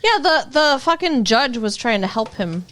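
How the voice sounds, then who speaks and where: A woman's voice: fairly high pitch, big pitch swings, moderate pace, a bit bright. A woman co-hosting a podcast, recapping a TV show in casual chat with dry, questioning remarks. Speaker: podcast co-host.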